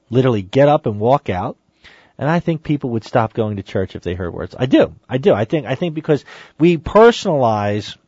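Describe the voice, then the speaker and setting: A man's voice: medium pitch, dark tone, slightly rough, no room sound. A man giving an emphatic Catholic teaching talk on a saint's sermon, exhorting listeners and reading passages aloud. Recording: dry, dull lo-fi sound.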